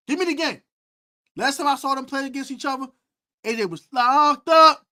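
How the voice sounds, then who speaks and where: A lively man with a bright, forceful voice, taunting and boasting as he previews a football game. His pitch swings widely as he repeats his jabs over and over, and he mixes slang in with the talk. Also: moderate pace. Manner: animated, boastful, repetitive taunting. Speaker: sports podcast host. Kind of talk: trash-talking football preview.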